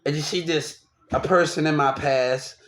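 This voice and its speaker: A man's voice: a little high, normal speed, a little hiss or hum. A young man rambling through a personal story, repeating himself and restarting often. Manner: repetitive, restarts often, animated. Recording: roomy echo.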